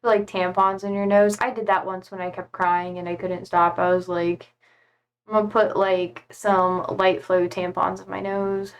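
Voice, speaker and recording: A woman's voice: medium pitch, level tone, normal speed, clean tone. A woman live-streaming from home, chatting casually and rambling with lots of fillers as she reads viewer comments aloud into a desk mic.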